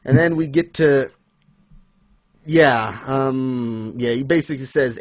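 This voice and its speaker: A man casually chatting as co-host, animated and quick to laugh, acting out lines he retells. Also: mid-range voice, no room sound, studio quality. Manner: animated, laughs often, acts out quotes. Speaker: podcast co-host. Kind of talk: casual fan discussion.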